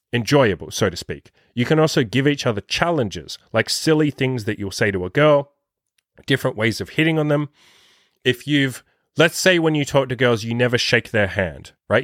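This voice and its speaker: A man giving dating advice as a podcast host, talking casually and swearing a lot, acting out quoted lines in a higher voice. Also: no room sound, studio quality. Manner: profane, animated, acts out his own quotes in a higher voice. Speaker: dating coach.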